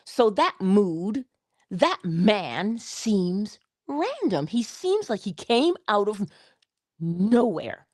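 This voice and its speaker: Slow, lively woman storyteller. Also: fairly low pitch, no room sound, clean studio sound. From Barbados. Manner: expressive storyteller, drawn-out emphasis. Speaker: inspirational vlogger. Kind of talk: storytelling motivational talk.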